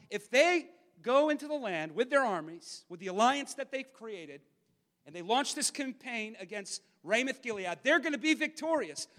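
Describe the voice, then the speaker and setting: A man preaching a sermon and reading from the Bible, emphatic and swinging from loud to hushed. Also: very high-pitched, in a large hall.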